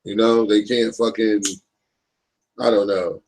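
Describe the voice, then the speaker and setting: A man in his thirties talks through a casual live stream with a gravelly, fried voice. His pitch sits fairly low. He rambles, swears freely, and keeps checking in with his listeners. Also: level tone, takes it slowly, a little mellow, low-quality recording. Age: 30s. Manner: rambling, profane, keeps asking "you know what I'm saying". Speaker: livestream host.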